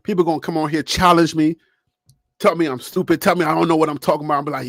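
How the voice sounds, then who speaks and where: A man hosting a sports talk channel, talking straight to his viewers and chat in a lively, animated way and laughing often. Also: a little high, quick pace, gravelly, dry recording, studio quality. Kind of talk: casual live-stream commentary.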